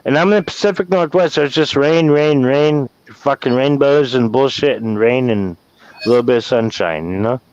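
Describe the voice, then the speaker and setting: A man's voice: medium pitch, normal speed, a little mellow. Rambling, cursing man on lo-fi audio. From Wyoming. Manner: rambling, profane, emotional. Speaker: guest caller venting. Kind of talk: casual livestream chat. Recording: dull lo-fi sound.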